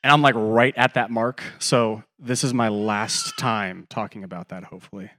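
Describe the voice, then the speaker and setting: A man in his thirties preaching a sermon as pastor, telling stories and acting out quoted voices, swinging between loud and quiet. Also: lowish voice, fairly even intonation, normal speed.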